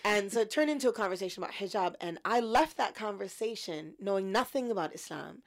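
A woman in her fifties recounting her story as an interview guest, reflective and lively when quoting her past thoughts. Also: mid-range voice, fast. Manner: reflective, animated in quoted thoughts.

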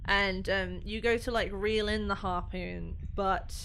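A woman's voice: medium pitch, steady tone, measured pace, vocal fry, a bit bright, slight background noise. A woman narrating as game master of a tabletop role-playing game, in a loose, chatty way full of fillers.

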